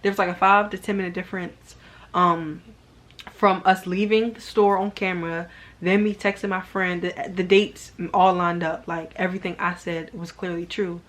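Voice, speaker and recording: A woman's voice: lowish voice, level tone, normal speed. Young woman rambling through a storytime. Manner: rambling, heavy use of "like" as filler. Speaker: vlogger. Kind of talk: casual storytime.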